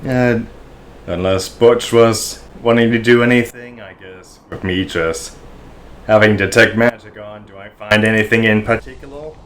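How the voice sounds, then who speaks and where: A man's voice: lowish voice, normal speed, a bit bright. A man playing a tabletop game, thinking aloud hesitantly about his character's actions. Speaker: player.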